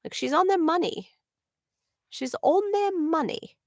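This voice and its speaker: A woman's voice: very high voice, expressive, a little slow, no room sound, clean studio sound. A young adult woman, a voice actor, chatting casually on a livestream, answering fan questions with many ums and giggles.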